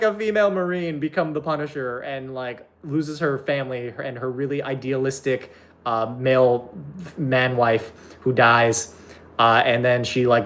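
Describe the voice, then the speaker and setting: A young man chatting casually on a live stream, reading out viewer comments and rambling excitably between topics with lots of swearing. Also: mid-range voice.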